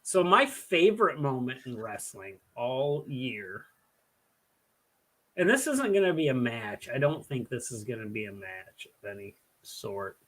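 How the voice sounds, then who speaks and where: A man's voice: medium pitch, sing-song, measured pace, a bit bright. A young man co-hosting a podcast in casual chat, teasing, laughing often and drawing out his punchlines. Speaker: podcast co-host.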